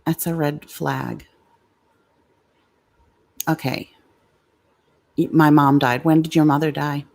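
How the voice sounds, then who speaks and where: Slow-talking woman on a livestream. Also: sits low, steady tone, gravelly, a little mellow. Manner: blunt, confrontational, swears at commenters. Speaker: livestream host. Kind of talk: casual livestream chat.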